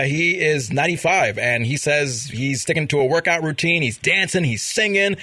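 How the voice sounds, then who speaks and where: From a studio in Vermont, a male podcast host chats casually about celebrity gossip, reads out news items, and laughs often. His voice is a little high and sharp, with no room sound.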